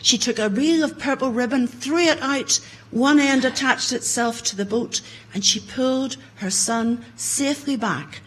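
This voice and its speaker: A woman telling a folktale to an audience in a conference room, growing loud and dramatic in the battle scenes. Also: high-pitched, measured pace, slight background noise, rough recording. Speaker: storyteller. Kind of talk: oral folktale storytelling.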